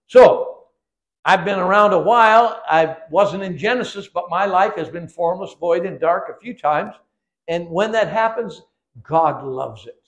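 High-voiced older male preacher. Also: measured pace. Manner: emphatic, repetitive, testimony storytelling. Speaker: guest preacher. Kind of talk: sermon. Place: church.

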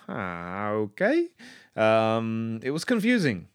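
A man's voice: mid-range voice, sing-song, a little slow, fairly bright tone, clear, resonant tone, no room sound, studio quality. An Australian man reviewing a show in a rambling, enthusiastic casual monologue full of ums and restarts. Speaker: pop culture commentator.

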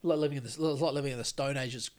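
A man's voice: mid-range voice, steady tone, racing, a little mellow. An Australian man co-hosting a podcast, telling a long story in a rambling, sweary way with lots of restarts. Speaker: podcast co-host. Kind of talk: casual chat.

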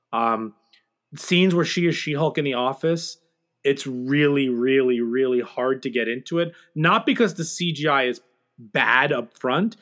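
A man co-hosting a podcast in casual chat, measured and critical in his opinions. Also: mid-range voice, a bit bright. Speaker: podcast co-host.

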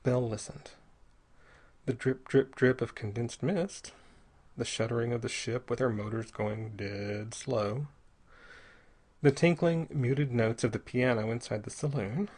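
A man narrating an adventure story in a measured, steady reading voice. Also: medium pitch, breathy edge. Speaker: audiobook narrator. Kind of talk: scripted narration.

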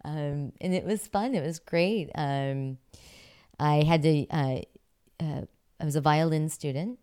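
A woman's voice: low voice, unhurried, dark tone, clear, resonant tone. A woman from Pittsburgh, an actress and former figure skater, telling stories as an interview guest in a chatty way, laughing often. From Pittsburgh, USA. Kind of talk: casual interview storytelling.

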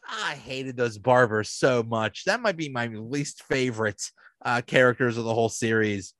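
A man talks casually to camera, retelling plots in a halting, rambling way with many restarts. His voice sits at a middling pitch. The sound is dry and close, with no room echo. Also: expressive, fairly bright tone. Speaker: video host ranking sitcom episodes. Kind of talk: casual vlog commentary.

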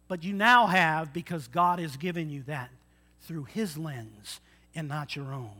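Bright-voiced male preacher. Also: a little high, measured pace. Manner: asks the congregation questions, folksy and earnest. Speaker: pastor. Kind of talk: sermon.

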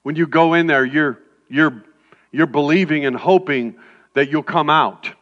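A male pastor preaching a sermon in a conversational, animated way, breaking off into quick asides. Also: fairly high pitch. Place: church sanctuary. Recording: dull sound in a reverberant hall.

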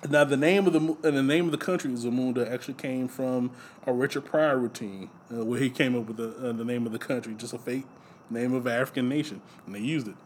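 A man's voice: mid-range voice, fast, a little hiss or hum. A man co-hosting a casual podcast, sharing movie trivia in a loose, rambling way full of fillers. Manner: loose, rambling delivery with frequent fillers and laughs. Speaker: podcast co-host.

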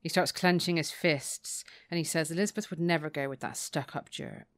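A woman's voice: sits low, steady tone, fairly quick, no echo, studio quality. A woman co-hosting a casual podcast, retelling a book's plot and laughing often. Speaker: podcast co-host. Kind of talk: casual chat recapping a book.

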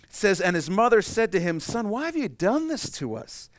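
A man preaching a sermon in a conversational way, moving between quiet, hushed stretches and loud, animated ones. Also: high voice, normal speed, no room sound, clean studio sound. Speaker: pastor.

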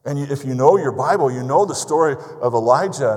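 A man's voice: mid-range voice, lively intonation, brisk, a little mellow. A man preaching a sermon as pastor, telling stories conversationally and asking emphatic rhetorical questions. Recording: long reverb of a large hall.

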